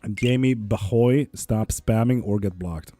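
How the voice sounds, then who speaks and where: A man, talking casually on a live stream and swearing freely as he reads comments. His voice sits low and mellow, recorded dry and close, with faint music under it. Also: measured pace, no echo. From Sweden. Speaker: tarot reader streamer.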